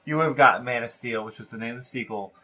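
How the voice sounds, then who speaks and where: A man in a casual movie chat, giving measured opinions with many hesitations. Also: medium pitch, pushed and bright. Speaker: podcast guest.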